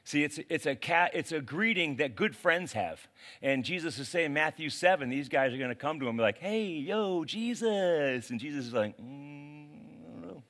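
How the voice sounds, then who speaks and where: A man preaching a sermon as a pastor, in a casual, animated way with slang. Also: medium pitch, a little fast.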